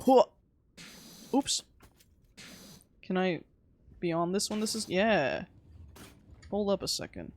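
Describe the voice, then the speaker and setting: A woman's voice: mid-range voice, expressive, slow, long pauses, darkish tone. A young woman live-streaming a game, chatting casually and teasing her chat with frequent giggles.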